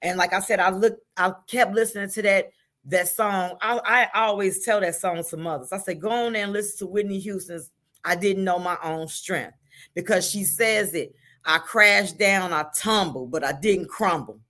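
A woman's voice: mid-range voice, moderate pace, a bit bright. An older woman, a grandmother, talking earnestly as a guest on a talk show, often repeating words as she makes her point. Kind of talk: casual chat.

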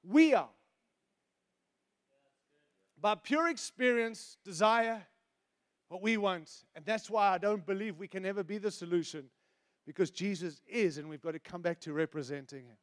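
A middle-aged man preaching a sermon, animated and teasing, moving between loud emphasis and hushed asides. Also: sits high, normal speed, pauses often. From outside the United States.

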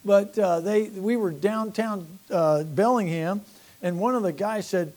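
An older man, a pastor, telling church-planting stories in a folksy, animated sermon with laughs and asides. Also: high-pitched, measured pace. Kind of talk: sermon storytelling.

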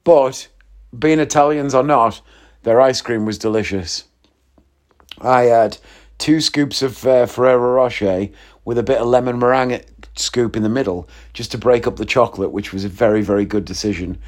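A man's voice: medium pitch, normal speed, a little mellow. A young man hosts a podcast and tells stories in casual chat. His voice sits in the middle of the range. He jokes around and laughs at his own stories. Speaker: podcast host.

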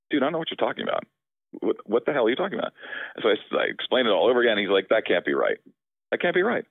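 Give me a middle-aged man, animated storyteller, tinny phone-like sound. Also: deep voice, no echo. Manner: animated storyteller acting out quoted dialogue. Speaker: real estate lawyer, guest. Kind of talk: storytelling interview answer.

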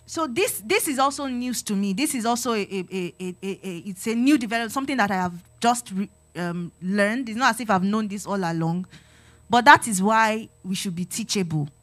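A woman's voice: mid-range voice, fairly quick, a bit bright. A woman giving a sermon-style talk to a congregation, earnest and exhorting, repeating her phrases and acting out talks with her children. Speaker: church speaker on parenting.

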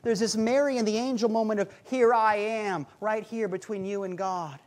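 A man's voice: high voice, fairly even intonation, moderate pace. Conversational male pastor preaching. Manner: conversational, humorous storytelling with rhythmic repetition. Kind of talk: sermon.

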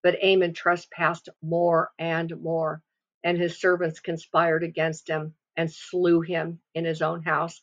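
A woman's voice: low voice, monotone, slow pace. Emphatic woman preaching a sermon. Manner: emphatic, rising and falling for emphasis. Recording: slightly dull lo-fi sound.

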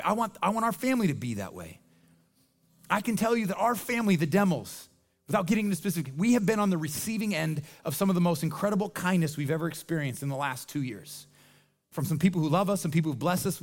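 A man preaching as a pastor in a conversational, animated way, often restarting his sentences. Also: high-pitched. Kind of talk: sermon.

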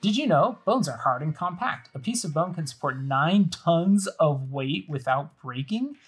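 A woman's voice: low voice, expressive, normal speed, husky, faint music behind. A woman podcast host chatting casually while playing a video game, describing everything on screen as she goes.

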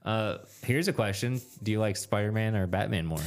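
A man's voice: lowish voice, fairly quick. A man co-hosting a casual movie podcast, enthusiastic and putting questions to his co-host. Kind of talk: casual chat.

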